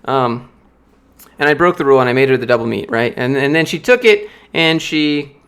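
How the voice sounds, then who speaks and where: A man's voice: mid-range voice, animated, moderate pace, a bit bright, clean tone. Guy telling stories on a stream. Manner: loose anecdotal storytelling, many fillers. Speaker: streamer answering viewer questions. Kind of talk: casual live-stream chat.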